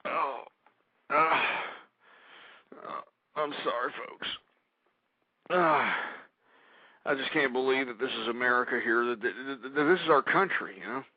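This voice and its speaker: A man's voice: medium pitch, measured pace, pauses often, no room sound, narrow, tinny audio. Groaning, agitated male radio host. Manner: agitated, groaning and moaning between ranting lines. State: distressed and pained. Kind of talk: talk radio monologue.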